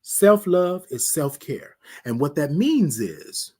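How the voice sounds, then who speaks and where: Husky-voiced man preaching self-love. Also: a little high, very animated, takes it slowly, a little mellow. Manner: preacherly, repeats phrases, drops to near whisper on refrains; addresses listeners as "y'all". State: emotional. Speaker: host. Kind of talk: motivational morning talk.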